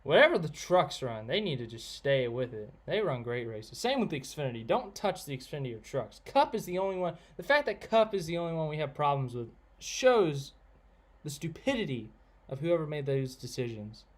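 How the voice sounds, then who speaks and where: Speaking at a moderate pace with a voice on the high side and lots of animation, the streamer rambles and gives blunt opinions. He answers his viewers casually and reads their chat names aloud.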